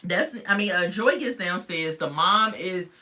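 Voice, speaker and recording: A woman casually recapping a reality TV episode, chatty and animated, talking straight to her viewers. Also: on the low side, moderate pace.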